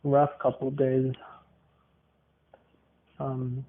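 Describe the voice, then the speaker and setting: A man's voice: mid-range voice, completely flat delivery, drawn-out words. A man hosting a podcast, rambling casually, repeating words and leaning on fillers. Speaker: podcast host. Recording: tinny phone-line sound.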